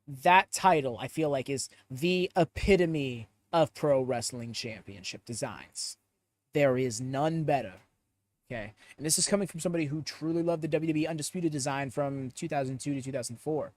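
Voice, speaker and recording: A man hosting a live podcast, chatting in an animated, opinionated way and rambling off on tangents as he reads the audience chat aloud. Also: a little high. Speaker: podcast host.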